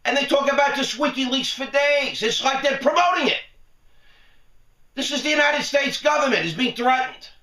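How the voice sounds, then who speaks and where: A man's voice: extremely high pitch, normal speed, bright, forceful tone, roomy sound, recorded from a distance. A man giving a sarcastic, rambling talking-head rant, laughing often between points. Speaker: vlogger.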